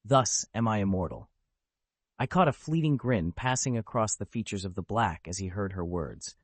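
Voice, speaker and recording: Brief: male audiobook narrator, low voice, expressive and measured, close dry recording. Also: breathy edge, no room sound.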